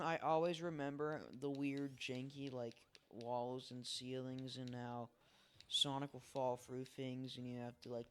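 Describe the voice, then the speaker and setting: Smooth and mid-range, a man's voice carries the casual, rambling commentary of a let's play host. It's early morning and he's tired, playing at his home setup on a desk microphone and joking at his own expense.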